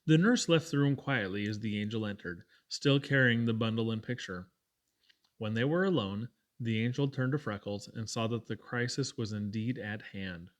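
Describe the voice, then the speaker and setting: Man reading an audiobook calmly. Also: on the low side, moderate pace. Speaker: audiobook reader. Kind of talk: scripted narration.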